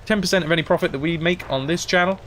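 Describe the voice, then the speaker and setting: A man's voice: on the high side, very fast, slight background noise. A man giving casual, chatty live-stream commentary on a game he is playing. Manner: chatty, rambling and animated.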